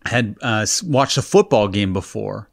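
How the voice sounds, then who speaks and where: A man's voice: lowish voice, lively intonation, moderate pace, gravelly. A man co-hosting a podcast, telling a story in casual chat with an amused, rambling manner. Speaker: podcast co-host.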